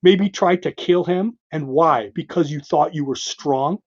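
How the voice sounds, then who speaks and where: A man voicing the Hulk as an angry, childlike brute, with a low, heavy, accusing delivery. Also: measured pace, muffled recording. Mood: bitter, accusing.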